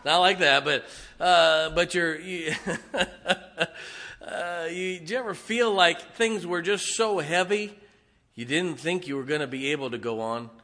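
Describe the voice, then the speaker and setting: A man's voice: on the high side, a little slow, bright, forceful tone. A man preaching a sermon in a conversational, emphatic way, chuckling and acting out little quotes as he goes. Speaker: pastor.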